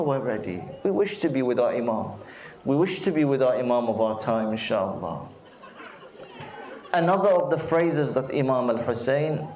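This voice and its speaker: A man preaching a sermon in a roomy, echoing hall, his pitch sitting in an ordinary middle range. He tells a parable and lifts his voice high when he speaks for its characters. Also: darkish tone. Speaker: Muharram night speaker. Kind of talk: sermon with storytelling. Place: mosque or community hall.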